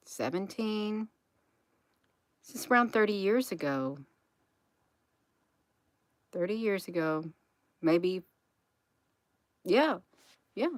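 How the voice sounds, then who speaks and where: A channel host in her 50s rambles emphatically to her viewers during a casual livestream, calling them "you all." Her mid-range voice is a bit bright, with no echo.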